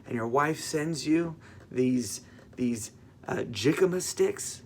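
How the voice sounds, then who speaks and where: A man's voice: mid-range voice, expressive, slow, creaky, a little hiss or hum. A man, a pastor, giving a casual devotional and telling a humorous everyday story with fillers and self-corrections.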